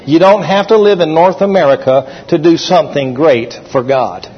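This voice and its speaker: Husky guy preaching in a big church, folksy, bit high voice, echoey dull sound. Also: moderate pace, few pauses. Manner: folksy storytelling with fillers. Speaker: pastor. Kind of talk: sermon.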